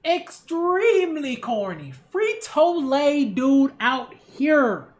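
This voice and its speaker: A culture critic hosting her channel gives a sarcastic, emphatic opinion rant full of rhetorical "right?" check-ins. Her voice is high-pitched and sing-song, and she takes her time.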